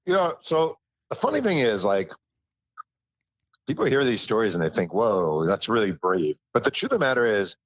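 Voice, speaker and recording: A man with a deep, low voice tells stories as a podcast guest, slipping into the voices of the people he quotes and poking fun at himself. The sound is dry and a little dull, like a lo-fi remote mic. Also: normal speed, no room sound. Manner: animated storyteller who acts out quotes, self-deprecating. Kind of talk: casual interview storytelling.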